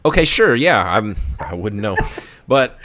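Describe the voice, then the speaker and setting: Man, podcast co-host, casual comedy chat, animated, stammering restarts. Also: lowish voice, unhurried. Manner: stammering restarts, laughing self-consciously.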